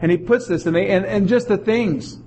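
Male pastor, middle-aged, high-pitched, lively storyteller in a sermon, faint background noise. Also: normal speed. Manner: animated storytelling, acts out quotes.

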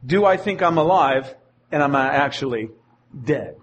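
A man's voice: mid-range voice, animated, moderate pace, a little hiss or hum. A male pastor preaching a sermon in an earnest manner, often repeating his phrases.

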